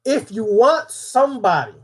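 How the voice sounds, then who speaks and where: A man's voice: very high-pitched, big pitch swings, unhurried, husky. A man giving a spoken occult lesson, preaching and putting questions to his audience. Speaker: occult teacher.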